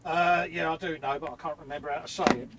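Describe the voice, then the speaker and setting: A man's voice: fairly high pitch, fairly even intonation, fairly bright tone, slight background noise. A British man co-hosting a live model-making stream, chatting easily and joking at his own expense. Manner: easygoing, self-mocking, quick to agree. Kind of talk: casual chat while working on models.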